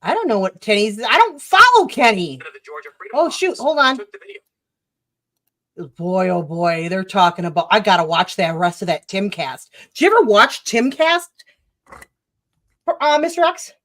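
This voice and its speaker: A woman's voice: mid-range voice, big pitch swings, measured pace, long pauses, fairly bright tone. Chatty woman hosting a late-night stream. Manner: chatty, laughs easily, loose and offhand. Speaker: livestream host. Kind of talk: casual livestream chat.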